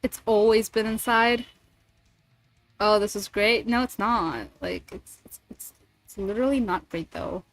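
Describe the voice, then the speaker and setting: In this relaxed livestream chat, a female streamer and voice actor rambles along, swearing freely between thoughts. Her voice is mid-range with lively intonation, and she speaks unhurriedly with long pauses while faint music plays behind her.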